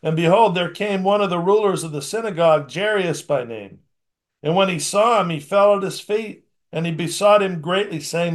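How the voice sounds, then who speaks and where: A man with a slightly high-pitched voice delivers a sermon, reading scripture aloud and then unpacking it in plain, conversational talk. He swings between emphatic, raised bursts and soft, almost mumbled asides. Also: normal speed. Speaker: preacher.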